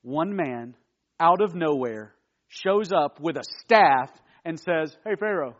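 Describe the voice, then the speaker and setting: High-voiced man preaching to youth. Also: takes it slowly, muffled recording. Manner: casual, animated, fires rhetorical questions at the audience. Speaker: youth pastor. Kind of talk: youth sermon.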